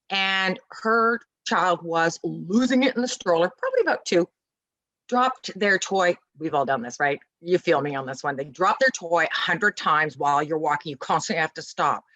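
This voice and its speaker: Animated, emphatic woman storyteller. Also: on the low side, moderate pace, dry recording, rough recording. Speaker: guest parenting expert. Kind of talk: casual interview chat.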